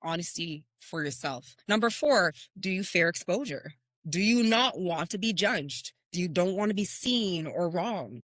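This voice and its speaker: A Canadian woman who hosts a motivational podcast and works as a confidence coach speaks earnestly in a lowish, expressive, fairly bright voice at an unhurried pace. She tells stories and asks rhetorical questions, recorded with clean studio sound and no room sound.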